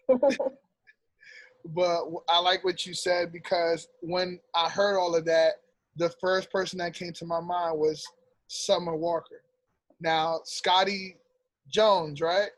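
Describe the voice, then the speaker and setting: A man's voice: high-pitched, little pitch movement, slow pace, no echo. A man co-hosting a casual podcast debate, slangy and teasing, laughing often. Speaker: podcast co-host.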